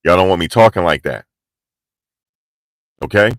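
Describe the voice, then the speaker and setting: Male vlogger, low voice, animated and slangy, live outdoors, dry close sound. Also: normal speed, no room sound. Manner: animated, slangy, pushing energy. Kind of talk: live street commentary. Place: outdoors in cold, rainy weather.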